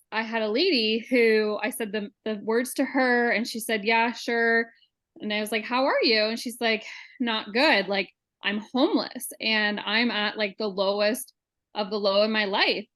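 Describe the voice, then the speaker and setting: A woman with a somewhat high voice recounts an anecdote over a video-call mic. She tells it earnestly and quotes the people involved as she goes. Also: bright, forceful tone. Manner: earnest storytelling, quotes dialogue. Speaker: call participant. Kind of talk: sharing a personal story.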